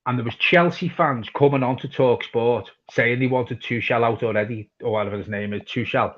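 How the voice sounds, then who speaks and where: A man's voice: mid-range voice, steady tone, normal speed, lo-fi sound. A man from hosting a live football watch-along, reading out viewer comments and chatting casually with plenty of swearing. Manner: casual, swears freely, reads chat messages aloud. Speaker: fan channel host reading viewer comments.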